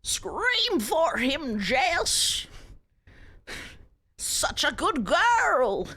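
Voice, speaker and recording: A woman playing a slow, teasing dominant man. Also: high-pitched, big pitch swings, pushed and bright, full character voice. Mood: seductive.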